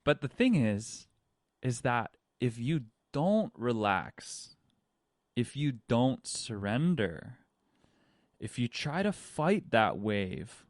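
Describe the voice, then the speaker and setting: A man hosting a spiritual podcast, telling a story in a slow, dramatic way, with repeated phrases and swings between whispers and panicked outbursts. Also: medium pitch, very animated, dry recording, studio quality. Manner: repetitive, hypnotic phrasing. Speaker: podcast host.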